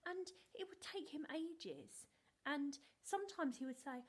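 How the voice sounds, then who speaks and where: A woman teaching small children over video, her voice sitting a little on the high side. She talks in a bright, sing-song, animated way and speaks slowly and clearly so that little ones can follow. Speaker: primary school teacher. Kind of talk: remote video lesson for young children.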